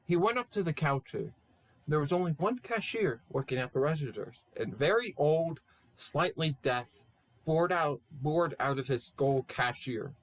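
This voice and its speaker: A man's voice: fairly high pitch, expressive, a little slow, no room sound. A young man reading a silly fan story aloud, stumbling over words and stopping to poke fun at the text. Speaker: channel host. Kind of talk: comedic fan-fiction reading.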